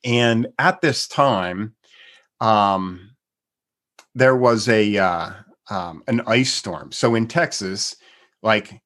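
A man's voice: fairly low pitch, a bit bright. Rambling man from Pennsylvania telling a story. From Pennsylvania, US East Coast. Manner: rambling, halting, chuckles often while telling. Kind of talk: casual personal storytelling.

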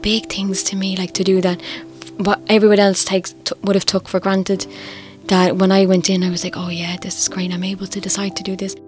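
Irish woman, middle-aged, low steady voice, candid and quietly emotional. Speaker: interviewee. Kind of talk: personal testimony. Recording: faint music underneath.

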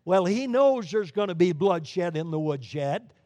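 A man preaching a sermon with emphatic swings between loud declarations and hushed low lines. His voice sits fairly high for a man. The sound is close and dry, with no room around it. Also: lively intonation, measured pace, dry recording. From Brooklyn, New York. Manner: emphatic preaching with sharp rises and drops in volume.

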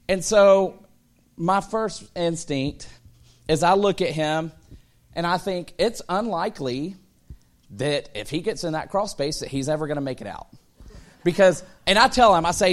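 A man in his thirties preaches with a fairly high voice, spinning funny stories about family life. He acts out the voices of the people in them and builds to excited shouts as the tale climaxes. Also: normal speed. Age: 30s. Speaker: pastor. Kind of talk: sermon with humorous personal stories.

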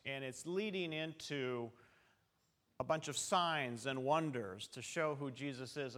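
A man preaching a relaxed, conversational sermon in a church, telling stories and talking straight to the congregation. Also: medium pitch. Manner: chatty and storytelling, with asides to the congregation. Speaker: pastor. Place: church sanctuary.

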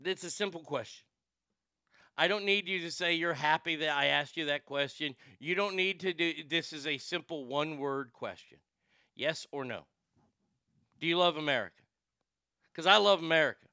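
A man's voice: a little high, moderate pace, pauses often, sharp tone, clear, resonant tone, dry recording, clean studio sound. A man hosting a casual live-stream show, ranting profanely and reading chat comments aloud. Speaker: talk show host.

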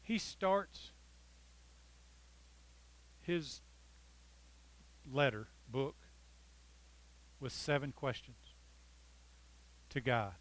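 A man preaching a sermon, reading scripture with dramatic emphasis and joking with his congregation. He swings between loud, pleading lines and soft, intimate ones. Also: medium pitch, lively intonation, very slow, long pauses, rough recording. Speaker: pastor.

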